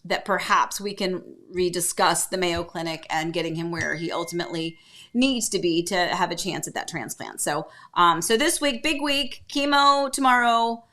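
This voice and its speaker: A middle-aged woman hosts a relaxed livestream from a table at home. Her voice is bright and forward, and she talks in a loose, rambling way, filling pauses with little hummed syllables. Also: on the low side. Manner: chatty, rambling, hums filler syllables to herself. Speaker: livestream host. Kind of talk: casual livestream chat.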